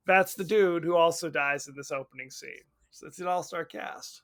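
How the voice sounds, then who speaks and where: High-voiced man recapping a movie. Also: normal speed. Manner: loose and profane, animated retelling with laughs. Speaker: podcast co-host. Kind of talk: casual movie recap chat.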